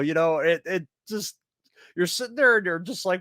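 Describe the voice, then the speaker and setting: A man co-hosting a writing podcast, talking in a loose, animated way with frequent laughter and swearing. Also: high-pitched, fairly quick, dry recording, clean studio sound. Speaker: podcast co-host; writer. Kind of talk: casual chat.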